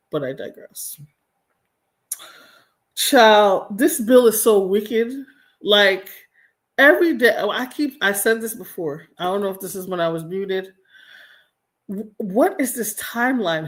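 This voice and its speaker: A woman hosting a livestream, reading out chat comments and giving casual commentary, blunt and exasperated, and she swears freely. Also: on the low side. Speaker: livestream host. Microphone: home streaming mic.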